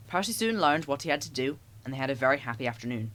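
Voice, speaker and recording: Expressive male storyteller. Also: medium pitch, quick pace, hardly any pauses. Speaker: narrator. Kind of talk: audiobook reading of children's stories.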